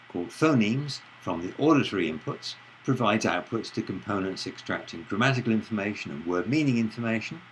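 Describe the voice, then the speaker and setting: A man giving a recorded lecture on speech and the brain in a measured, explanatory way, stressing words as he reads example sentences. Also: on the low side, slight background noise, poor audio.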